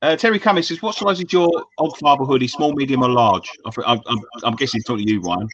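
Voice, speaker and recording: A man's voice: mid-range voice, fast talker, muffled recording. A man with a London accent co-hosting a fan show in casual, sweary banter, laughing often. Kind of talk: casual pub-style banter.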